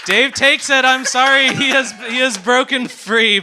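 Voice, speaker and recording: Brief: high-pitched male host, live comedy game show, audible crowd noise. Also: normal speed, few pauses. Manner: laughs often while announcing. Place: theater stage before a studio audience. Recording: live stage recording with audience noise.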